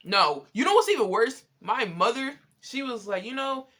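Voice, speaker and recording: A young man telling a story in a casual, animated, profane way, exasperated and often laughing. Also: very high-pitched, moderate pace. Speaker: vlogger.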